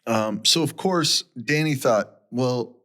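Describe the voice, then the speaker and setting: A man's voice: medium pitch, slow pace, sharp tone. A man co-hosting a podcast, telling a story in a casual, rambling way and acting out the people he quotes. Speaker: podcast co-host.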